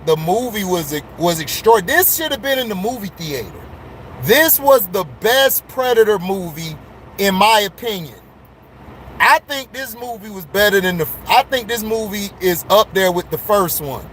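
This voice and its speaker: A man talks excitedly and repeats himself as he reviews a movie from behind the wheel. His voice sits high and wanders loosely from thought to thought. A faint hum of road noise runs under the car recording. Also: measured pace. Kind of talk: casual chat while driving. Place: in a car on delivery rounds.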